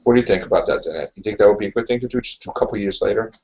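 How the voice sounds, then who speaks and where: A man's voice: lowish voice, racing, darkish tone, dull audio. A man hosting a casual podcast chat, ranting emphatically and repeating his points. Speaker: podcast host.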